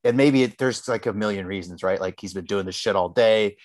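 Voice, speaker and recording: A man's voice: fairly low pitch, a little fast, no room sound. A man co-hosting a podcast, chatting loosely about a TV episode and swearing freely. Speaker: podcast co-host. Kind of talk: casual chat.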